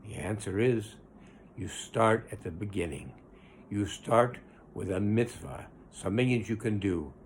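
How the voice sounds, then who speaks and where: A rabbi with a fairly low, lively voice gives an informal Torah lesson over a bit of hiss or hum. He speaks earnestly and conversationally, drawing out the words he wants to stress.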